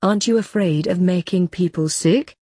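A woman voicing a fussy, excitable male assistant who sounds indignant and exasperated. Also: lowish voice, moderate pace, slightly rough, no room sound, studio quality.

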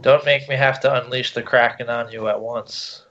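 Indignant half-orc king, played by a man, flat delivery, hissy lo-fi line. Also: medium pitch, moderate pace, close to an everyday voice. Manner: indignant, boastful. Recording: dull, noisy mic.

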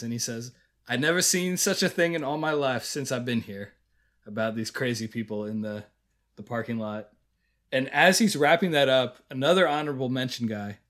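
A man's voice: mid-range voice, a bit bright. A man co-hosting a podcast, casually retelling scenes and laughing often. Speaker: podcast co-host. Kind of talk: casual review chat.

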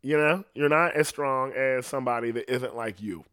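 A man's voice: mid-range voice, fairly bright tone, clean tone, dry recording, clean studio sound. A man doing a stand-up comedy monologue, rambling and swearing constantly. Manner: profane, rambling, fast.

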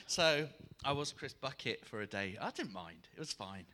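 A man preaching a sermon to a congregation, telling a personal story in an animated way and acting out the people in it. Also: mid-range voice, moderate pace, slight background noise. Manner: animated, acts out quoted voices. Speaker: guest preacher.

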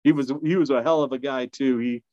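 A man at a middle pitch recounts a story as a guest, rambling through fillers, restarts and quick laughs. The recording is dull and low-fidelity, with a dry, close sound. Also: steady tone, a little mellow, dry recording. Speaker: podcast guest. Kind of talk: casual storytelling.

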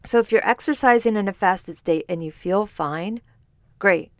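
A woman's voice: medium pitch, normal speed, no room sound, clean studio sound. A woman hosting a podcast as a fitness and nutrition coach, explaining in a conversational way and correcting herself as she goes. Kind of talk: solo podcast talk. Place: standing while recording.

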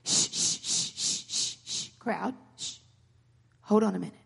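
A woman voicing a calm teacher hushing a crowd. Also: fairly high pitch, normal speed, vocal fry, husky, full character voice. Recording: long hall reverb.

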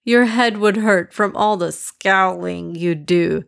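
A woman voicing a patient, loving mother in a children's storybook, speaking gently and coaxingly. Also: medium pitch, slow, creaky. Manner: gentle, coaxing, slightly raised.

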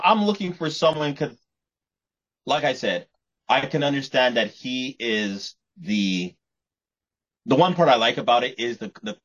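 A man's voice: mid-range voice, a bit bright, slightly rough. A man co-hosting a podcast, talking in a rambling way and often restarting his sentences. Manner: rambling, repeats and restarts words. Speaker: podcast co-host. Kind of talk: casual chat. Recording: muffled lo-fi podcast audio.

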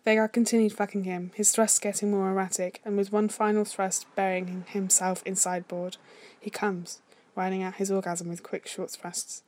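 A woman reading an erotic fan fiction story aloud in a soft, unhurried, slightly hushed voice. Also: medium pitch, level tone. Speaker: narrator.

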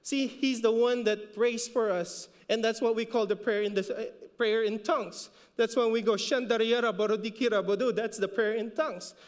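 A man's voice: very high voice, fairly even intonation, normal speed, hardly any pauses, clear, resonant tone, in a large hall. A man with a Filipino accent preaching a sermon as a pastor, repeating words for emphasis and rising when he exhorts. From Philippines.

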